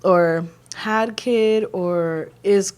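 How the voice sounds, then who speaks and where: A woman's voice: medium pitch, extremely slow, a little mellow, clear, resonant tone. A woman in her thirties co-hosting a podcast, talking in a rambling, emotional way with many fillers while holding back tears. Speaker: podcast co-host. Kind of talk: casual heartfelt conversation.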